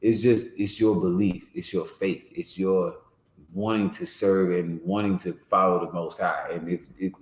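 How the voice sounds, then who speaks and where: Man, Bible class teacher, lowish voice, slangy explaining, keeps checking in with listeners, echoey room. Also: steady tone, a little slow. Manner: explains verses in plain slang, often asks "you know what I'm saying?".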